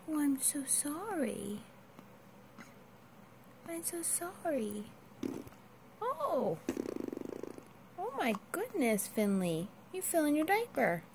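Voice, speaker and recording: Woman, high voice, slow gentle baby talk, soft half-whispers, steady background noise. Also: vocal fry. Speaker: mother talking to her baby.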